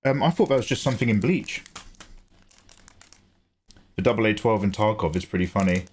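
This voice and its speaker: An English man hosting a livestream, talking casually in an animated, chatty way, swearing and laughing easily. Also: on the low side, a little fast, slightly rough. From England. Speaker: livestream host.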